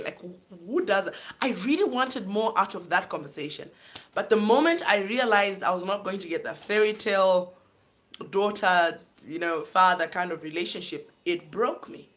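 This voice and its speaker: A woman's voice: medium pitch, animated, moderate pace, a bit bright. A woman telling a personal story in an emotional voice. She often checks in with "you know what I'm saying". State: tearful at times. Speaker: guest telling her life story.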